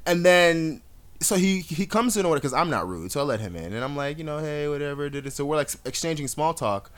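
Animated man telling a wild story. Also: on the high side, a little fast. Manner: animated, dramatic storyteller acting out quotes. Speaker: podcast co-host. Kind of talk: casual storytelling chat.

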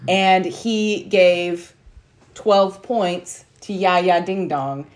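A woman hosting a podcast, running the segments in casual chat with quick laughs. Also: on the low side, fairly even intonation. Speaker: podcast host.

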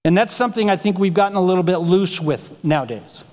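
A man's voice: high voice, animated, quick pace, a little mellow, big-room sound. A male pastor preaching a sermon in a conversational way, asking the congregation rhetorical questions. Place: church sanctuary.

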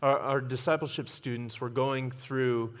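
A man's voice: mid-range voice, steady tone, measured pace. A man preaching an evening sermon as pastor, earnest, building emphasis and volume on key points.

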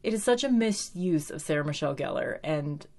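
A woman chatting casually as she recaps a TV episode, animated, with lots of "like" and some swearing. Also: sits low, a little fast.

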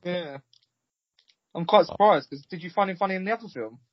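Higher quick man, pointed. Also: no echo. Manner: pointed, questioning and teasing. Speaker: podcast panelist. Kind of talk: casual film review chat. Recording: dull, slightly lo-fi dry sound.

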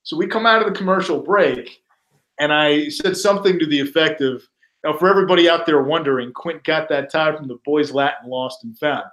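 Higher-pitched man telling animated stories. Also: a little fast. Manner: animated anecdotes, acting out quoted colleagues. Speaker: guest sportscaster. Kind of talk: casual podcast storytelling.

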